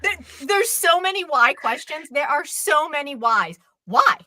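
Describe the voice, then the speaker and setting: A woman co-hosting a live stream chat, ranting in an exasperated, animated way. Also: sits high, a little slow. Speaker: co-host.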